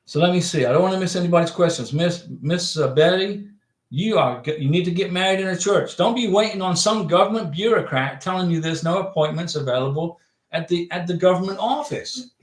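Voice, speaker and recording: A man's voice: sits high, fairly quick, echoey room. Folksy man hosting a livestream. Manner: folksy, reads viewer chats aloud and answers directly. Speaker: livestream host giving visa advice. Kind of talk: casual livestream chat.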